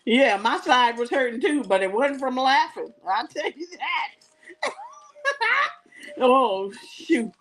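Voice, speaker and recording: A woman's voice: sits high, lively intonation, slow, long pauses, a bit bright. A woman hosting a live jewelry sales show, chatting and laughing as she tells stories between items. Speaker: live shopping show host.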